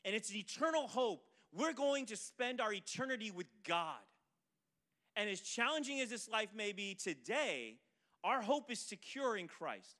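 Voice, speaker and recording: A man preaching, his voice sitting a little high and carrying a bright, forceful edge. He tells a story with animated pacing and acts out the voices of the people in it, pulling the listener along toward his point. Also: moderate pace. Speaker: pastor. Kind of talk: sermon with storytelling illustration.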